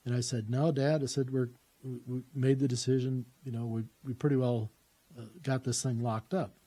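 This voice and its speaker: A man's voice: medium pitch, level tone, normal speed, warm tone. A man telling a personal story in a casual, rambling way, with lots of "uh" fillers and restarts.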